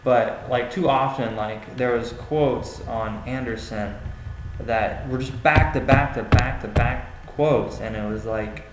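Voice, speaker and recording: Medium in pitch with fairly even intonation, a young man speaks slowly while giving peer feedback on a classmate's paper. It's casual and hesitant, with frequent fillers and restarts, in an echoey space with faint ambient noise.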